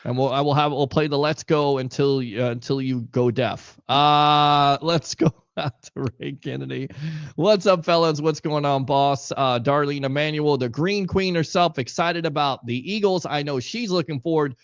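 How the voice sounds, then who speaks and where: A fairly high-voiced man hosts a live sports call-in stream, ribbing his guests and reading out viewer comments. His manner is jokey and animated. The sound is dry and a little dull, with no room around it. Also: normal speed, clear, resonant tone, no echo. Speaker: host.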